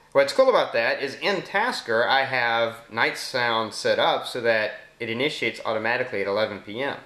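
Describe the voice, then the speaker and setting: A man with a Southern US accent casually explaining a phone app, speaking voice commands slowly and clearly in between. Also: medium pitch, pushed and bright. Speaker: app demonstrator. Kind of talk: casual screen demo narration. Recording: roomy echo.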